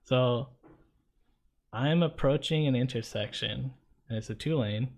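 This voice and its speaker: A man, co-hosting a casual chat and telling an animated anecdote. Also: medium pitch, unhurried, vocal fry. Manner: animated anecdote-teller, conversational. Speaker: co-host.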